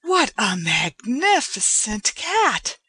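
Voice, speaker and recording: A woman reading aloud, voicing an eager young woman who gushes with excitement. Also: on the high side, a little slow, no room sound, studio quality. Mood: excited. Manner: bright, excited, breathless questions.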